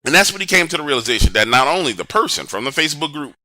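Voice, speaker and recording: Man, bright forceful tone, first-person horror storyteller, dry close mic. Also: racing, no room sound. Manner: animated, dramatic storytelling with big swings in pitch and volume.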